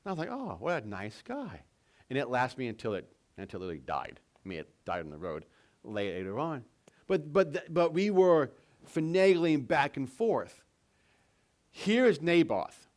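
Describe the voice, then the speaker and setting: A man's voice: fairly high pitch, big pitch swings, normal speed, darkish tone. A man preaching a sermon as pastor, telling stories and putting questions to his congregation. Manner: conversational storytelling with questions to the congregation. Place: church sanctuary.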